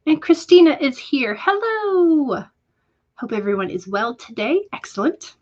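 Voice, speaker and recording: A woman's voice: on the high side, expressive, normal speed, highs cut off. Woman host reading out stream chat. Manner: reads viewer comments aloud and responds warmly; hesitant, with frequent fillers. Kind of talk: casual livestream chat.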